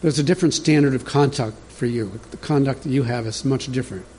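A man's voice: mid-range voice, fast talker, mellow, a little hiss or hum. A man preaching a sermon as pastor, in a conversational teaching manner that speaks directly to the congregation.

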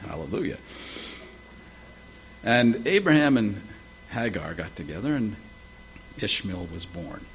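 Folksy, lively man preaching. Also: fairly low pitch, measured pace, long pauses, slight background noise. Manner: folksy, humorous storytelling. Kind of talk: sermon. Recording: dull lo-fi with faint ambience.

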